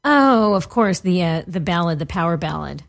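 A woman in her forties co-hosts a relaxed podcast, her voice sitting a little low. She chats freely, laughs easily and often trails off mid-thought before picking the point back up. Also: fairly quick, creaky. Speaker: podcast co-host. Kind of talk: casual chat.

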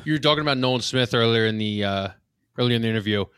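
A man's voice: mid-range voice, rapid-fire, a bit bright, clear, resonant tone, dry recording, clean studio sound. A man with a Northeastern US accent hosting a casual podcast, joking and conversational. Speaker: podcast host.

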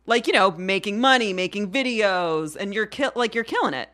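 A woman talking as a podcast guest in a lively, playful way. She explains her ideas freely, and her voice rises and falls a lot as she speaks. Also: medium pitch, moderate pace. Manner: animated, playful, slips into mock-formal voice. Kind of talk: casual podcast chat.

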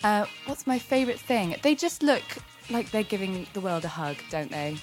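A woman's voice: mid-range voice, sing-song, moderate pace, music in the background, rough recording. Chatty woman, laughing guest. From Wales. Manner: self-deprecating, chatty, laughs often. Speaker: guest, actor. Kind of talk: casual chat.

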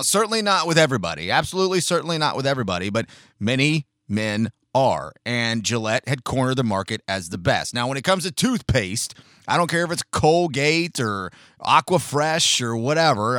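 A man's voice: mid-range voice, no echo, studio quality. A man giving a blunt, sarcastic opinion monologue, swearing casually and restarting phrases as he talks. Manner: halting restarts, mocks others with shouted put-on outrage. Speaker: commentator.

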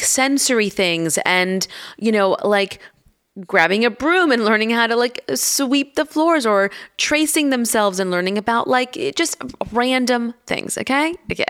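A woman's voice: mid-range voice, fairly bright tone, clear, resonant tone. A woman in her thirties co-hosting a casual podcast, telling family stories in a chatty way full of fillers. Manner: chatty storyteller, lots of fillers. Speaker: podcast co-host, mother. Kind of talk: casual chat.

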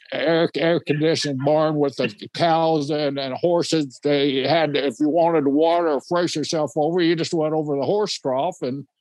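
A man's voice: a little high, darkish tone, dry recording. An older man from Oklahoma co-hosting a podcast in a casual, rambling manner that repeats words. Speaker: podcast co-host. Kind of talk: casual interview chat.

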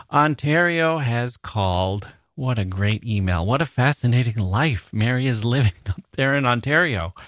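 A man's voice: fairly low pitch, dry recording, clean studio sound. A male American podcast host reading listener mail aloud, breaking off for playful, joking asides. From United States.

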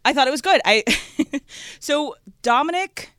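A woman producer chatting casually on a radio sports show, talkative and quick to laugh. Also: sits high, lively intonation, a bit bright, dry recording, clean studio sound.

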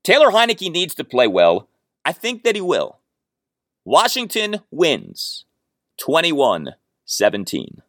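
A man's voice: fairly high pitch, huge pitch swings, takes it slowly, fairly bright tone, no echo, clean studio sound. A man hosting a solo sports podcast, giving opinionated, stat-heavy commentary with emphatic punches. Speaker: podcast host.

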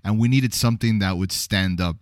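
A man co-hosting a cigar pairing show, explaining in a measured way with hesitant fillers. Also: lowish voice, dry recording, studio quality. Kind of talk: casual chat.

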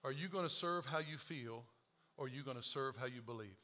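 A man preaching a sermon as pastor, joking at himself and moving from quiet confession to loud urging. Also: medium pitch. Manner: animated, self-deprecating humor, swings from quiet confession to shouting; quotes scripture slowly.

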